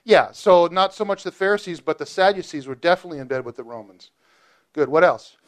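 A man teaching a Bible study group in a casual, animated way, joking and asking questions. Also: a little high, brisk.

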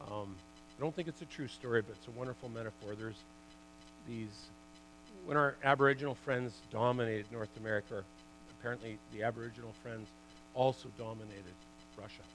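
A middle-aged man preaches in a church in a middle-pitched voice, telling stories with animated bursts that fall to a hush. A faint hum sits behind him. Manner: animated storyteller, loud bursts dropping to hushed. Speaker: guest preacher, former hockey player. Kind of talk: sermon testimony.

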